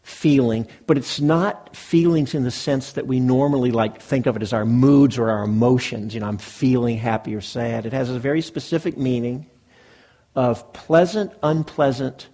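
A meditation teacher gives a dharma talk to a live group in a meditation hall, speaking conversationally and checking in with listeners often. His gravelly, slightly husky voice is mellow and sits at an ordinary pitch.

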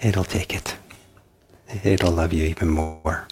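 A man giving a dharma talk as a meditation teacher, soft-spoken and halting, with many pauses and restarts. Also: low-pitched, steady tone.

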